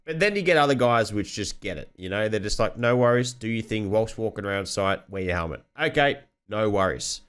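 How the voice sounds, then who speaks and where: Aussie bloke telling rowdy work stories, lots of swearing, lowish voice. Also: male voice, lively intonation, brisk, few pauses, smooth. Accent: Australian. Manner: sweary storyteller, acts out other people loudly. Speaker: podcast host. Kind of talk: casual chat.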